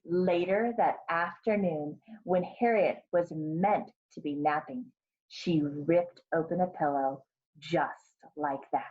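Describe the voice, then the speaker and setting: A woman kindergarten teacher reading a picture book aloud to her class, slow and expressive, pausing to ask the children questions. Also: sits low, phone-quality sound.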